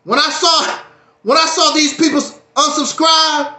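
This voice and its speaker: A man's voice: extremely high pitch, fairly even intonation, a little slow, bright, forceful tone. A man giving a casual livestream monologue, preachy and joking with a dramatic streak. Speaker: YouTube streamer. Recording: echoey room.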